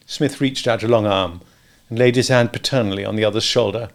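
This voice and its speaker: A man's voice: on the low side, brisk. A man narrating a comic novel in a genteel, droll style, giving the hero a suave, grand manner. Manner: genteel, droll, lively character voicing. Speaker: audiobook narrator. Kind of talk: scripted narration.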